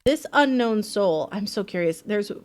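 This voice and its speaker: A woman's voice: mid-range voice, lively intonation, a little slow. A woman streaming a game live, chatting playfully and swearing freely as she thinks aloud. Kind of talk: casual live gameplay commentary.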